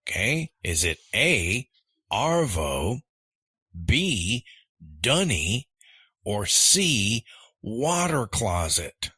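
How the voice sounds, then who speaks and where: A podcast co-host who talks slowly, with a very lively, swooping pitch. His voice is bright and slightly husky, and his delivery is measured and encouraging. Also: no echo. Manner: encouraging, measured quiz reading. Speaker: podcast co-host, quiz master. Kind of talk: casual language-lesson podcast chat.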